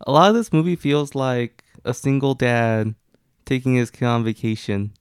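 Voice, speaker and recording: A man's voice: mid-range voice, normal speed, clean tone, no echo, clean studio sound. A laid-back man chatting casually about a movie, giving brief replies and laughing often. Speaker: podcast co-host.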